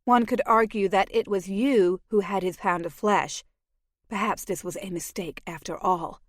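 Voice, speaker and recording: A woman's voice: mid-range voice, steady tone, moderate pace, no echo, studio quality, close to an everyday voice. A woman voicing a proud, defiant young noblewoman in an audiobook, who speaks in an indignant and guarded way. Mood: wary. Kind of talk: audiobook character voice.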